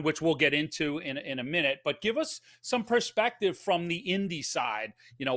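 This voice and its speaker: A man's voice: medium pitch, fairly bright tone. A man hosting a casual podcast, upbeat and chatty with plenty of fillers. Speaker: podcast host.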